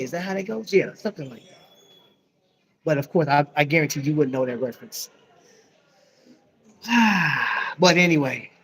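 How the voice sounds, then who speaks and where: A man's voice: fairly high pitch, a bit bright, rough recording. Slangy American man chatting live. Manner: slangy, joking, calls viewers bro. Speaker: livestream host. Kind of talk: casual live chat. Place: busy restaurant.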